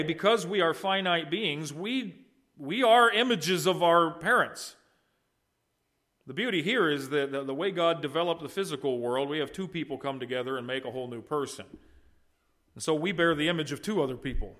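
Middle-aged guy preaching, voice a bit on the high side, gets loud then drops way soft. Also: lively intonation, moderate pace. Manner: earnest preaching with wide swings in loudness and pitch. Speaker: pastor. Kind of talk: sermon.

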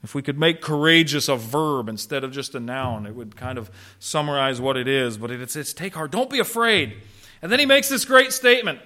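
Male preacher, bright forceful tone, dry humor in the sermon. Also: medium pitch, animated, fairly quick, few pauses. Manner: emphatic, rhetorical questions, dry humor. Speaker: pastor.

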